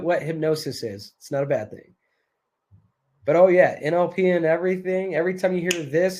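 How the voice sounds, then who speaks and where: Hyped self-help coach, soft chants. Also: male voice, fairly high pitch. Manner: hypnotic repetition, drops to soft near-whispers; hyped, self-assured motivational talk. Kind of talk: live online masterclass.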